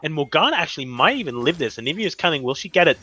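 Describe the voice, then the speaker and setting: A young man commentating a live esports match, excitable and rambling, often tripping over his words. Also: on the high side, racing. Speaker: esports caster.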